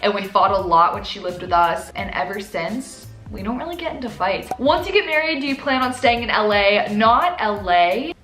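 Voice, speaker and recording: A woman in her twenties answering viewer questions in a chatty, animated way. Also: mid-range voice, reverberant. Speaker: YouTuber. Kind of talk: casual Q&A chat.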